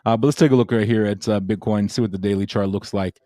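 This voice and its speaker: Mellow, low-voiced casual stream host. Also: male voice, fairly even intonation, quick pace, no room sound, clean studio sound. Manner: rambling, many "uh" fillers and repeats. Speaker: crypto livestream host. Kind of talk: casual livestream chat.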